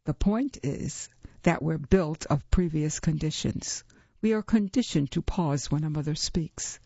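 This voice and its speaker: A woman's voice: warm tone, slightly rough, dry recording, heavily acted. Woman doing a cold, mocking dragon woman. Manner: dry, mocking, unhurried lecturing. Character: cold, amused dragon woman teaching a class. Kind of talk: audiobook reading. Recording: dull, low-fi recording.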